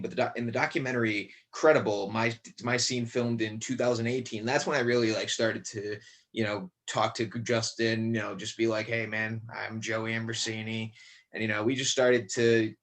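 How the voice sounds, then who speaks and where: Guy from connecticut rambling on a podcast, um and you know everywhere, mid pitch. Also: fairly even intonation, moderate pace, a bit bright. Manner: rambling with many fillers. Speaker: podcast guest, actor. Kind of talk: casual chat.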